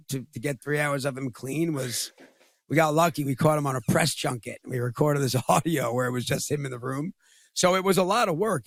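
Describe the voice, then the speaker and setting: Halting middle-aged man, dry sound. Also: a little high, gravelly, a bit bright, no echo. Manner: halting, repeats words often. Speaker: guest. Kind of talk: casual podcast conversation.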